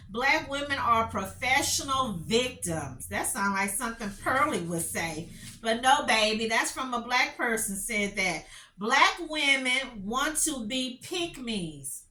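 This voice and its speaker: Slow, animated woman in an echoey room. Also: high-pitched, distant mic. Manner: dramatic, incredulous reactions, slow emphatic reading. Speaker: commentary channel host. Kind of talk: casual commentary, reading and reacting.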